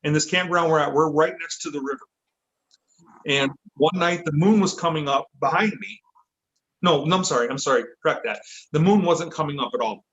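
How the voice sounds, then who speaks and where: A man from Michigan, a podcast guest, telling a story in a casual, lively way, correcting himself as he goes. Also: fairly high pitch, fairly quick, lo-fi sound. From Michigan, USA. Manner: lively, self-correcting, acts out quotes.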